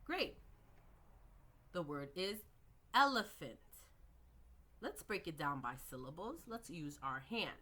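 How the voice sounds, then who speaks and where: A woman teaching early reading skills, slowly modelling words and sounds with patient explanations. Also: sits low, very animated, bright, forceful tone. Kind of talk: instructional lecture.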